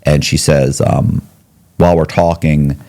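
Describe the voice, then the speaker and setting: A man, a podcast guest, telling his story in conversation, quick restarts and quoted dialogue. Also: very deep voice, steady tone, vocal fry, mellow.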